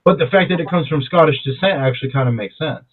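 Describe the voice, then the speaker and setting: Young male co-host, casual and foul-mouthed, a bit high, tinny phone-like audio. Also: fast talker, husky. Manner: profane, animated storyteller who jumps high in pitch when quoting himself. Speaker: podcast co-host. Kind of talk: casual chat.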